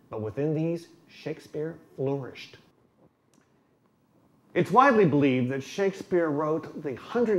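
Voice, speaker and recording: A man presenting a scripted educational explanation, with a dry, tongue-in-cheek delivery. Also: fairly high pitch. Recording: roomy echo with faint background noise.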